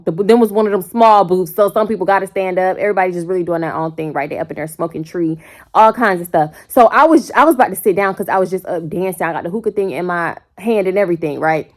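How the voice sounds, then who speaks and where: A young woman in her twenties tells a story casually to a phone camera at home, full of slang and squealing up into quoted voices. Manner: animated, slangy, jumps into quoted voices with sudden high squeals. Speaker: storytime vlogger. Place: bedroom at home. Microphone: phone held close.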